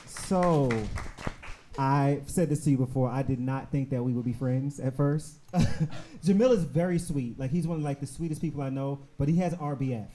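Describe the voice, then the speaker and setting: Mellow-voiced man hosting a live show. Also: mid-range voice, moderate pace, a little hiss or hum. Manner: chatty, laughs often, filler-heavy. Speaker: podcast host. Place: live stage show before an audience.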